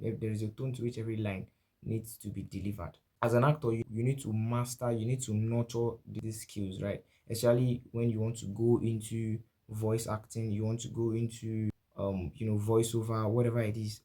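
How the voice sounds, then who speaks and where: Mellow-voiced Nigerian man teaching acting. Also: fairly low pitch. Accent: Nigerian English. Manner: repeats and restarts, often asks "right?". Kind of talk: spoken lecture to camera.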